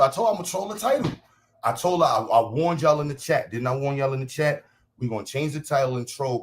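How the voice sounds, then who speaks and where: A man hosting a livestream and talking casually to his chat, blunt, profane and combative, repeating phrases for emphasis. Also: medium pitch. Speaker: livestream host.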